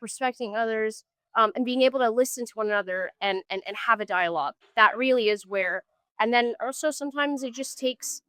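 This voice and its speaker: A woman's voice: fairly high pitch, fairly bright tone, no room sound. A woman musician being interviewed, speaking earnestly and thoughtfully, often trailing off and restarting her sentences. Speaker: musician guest. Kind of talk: street interview. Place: outdoors on a street.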